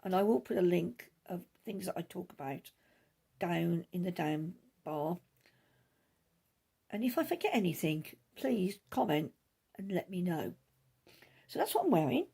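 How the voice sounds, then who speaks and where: A middle-aged woman talks casually about her knitting at home, rambling along with plenty of asides. Her low-ish voice has a gravelly, slightly husky grain. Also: lively intonation, mellow. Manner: rambling, chatty, talks quickly with many asides. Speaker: knitting podcast host. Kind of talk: casual chat.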